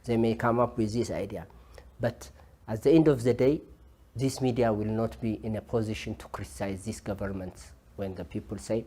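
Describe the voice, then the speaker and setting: A man with an Ethiopian accent answers an interview in a dark, mellow voice with a husky edge. He speaks haltingly and fills his pauses with hesitation sounds. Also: lowish voice. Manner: hesitant, many filler sounds. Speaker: interviewed journalist.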